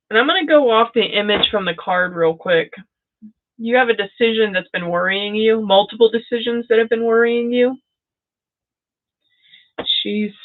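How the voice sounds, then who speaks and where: Excitable woman reading tarot, tinny audio. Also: mid-range voice. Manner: gushing, excitable, addresses viewers by name. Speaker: tarot reader. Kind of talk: live-stream tarot reading.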